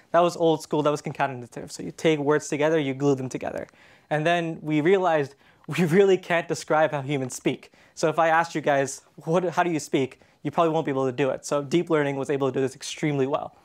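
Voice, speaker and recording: Chatty Canadian man giving a conference talk. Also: a little high. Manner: casual, chatty, with frequent fillers and restarts. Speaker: conference speaker. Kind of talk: conference presentation. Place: conference stage in a hall.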